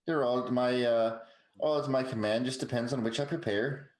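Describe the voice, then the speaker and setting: A man plays at a tabletop game and speaks dryly, with halting restarts. His voice sits mid-range. His mic picks up a roomy echo. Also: medium pitch, steady tone. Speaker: player. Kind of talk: casual chat at a tabletop game.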